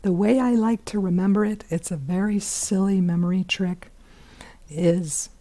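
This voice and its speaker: A hoarse woman teaching biology in a chatty recorded lesson, with many fillers and whispery asides. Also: mid-range voice, fairly even intonation, unhurried, mellow.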